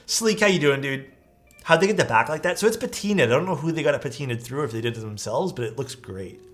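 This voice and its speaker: An easygoing male streamer chats his way through photos, his pitch bouncing up and down as he reacts. Faint music plays behind him. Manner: enthusiastic, easygoing, lots of praise. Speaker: streamer reviewing viewers' keyboard photos. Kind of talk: casual live-stream commentary.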